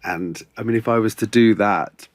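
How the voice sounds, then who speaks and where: Deep-voiced man musing in an interview. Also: moderate pace, no echo. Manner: thoughtful, restarts often, many ums. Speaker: actor, podcast guest. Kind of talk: casual interview chat.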